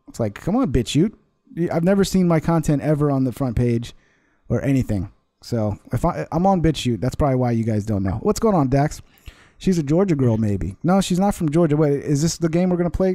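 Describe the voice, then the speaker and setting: A man's voice: fairly high pitch, mellow, no room sound. A man hosting a casual live stream, rambling and laughing often while reading chat comments aloud. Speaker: livestream host.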